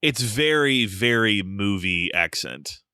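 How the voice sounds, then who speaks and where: A man's voice: lowish voice, expressive, slow pace, sharp tone, clear, resonant tone, dry recording, studio quality. A man co-hosting a podcast, recapping a film plot in a wry, joking way. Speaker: podcast co-host. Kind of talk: casual film discussion.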